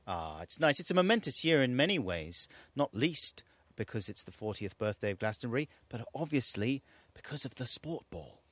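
A man from England co-hosts a radio show, joking his way through a loose chat. His voice sits at an ordinary middle pitch and sounds close and dry in the studio, with no room around it. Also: sing-song, normal speed, fairly bright tone, no echo. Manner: playful, jokey, breaks into put-on voices. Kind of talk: casual comedic chat.

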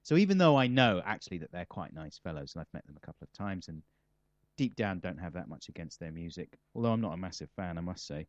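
Speaking quickly in a low, sing-song voice, this comedian rambles through his interview answers with wry self-mockery and a casual, joking manner. There's no echo, and the sound is slightly dull and dry.

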